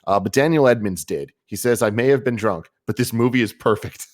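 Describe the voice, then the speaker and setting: A man's voice: mid-range voice, fairly quick, dry recording, studio quality. A man co-hosting a casual podcast chat, laid-back and wry as he reads listener messages. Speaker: podcast co-host.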